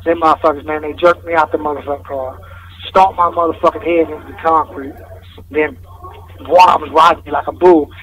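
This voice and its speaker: A man's voice: fairly high pitch, steady tone, brisk, a bit bright. A man calling in from jail, rambling through a story in casual street slang with heavy swearing. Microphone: phone call. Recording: distant, noisy phone line from jail.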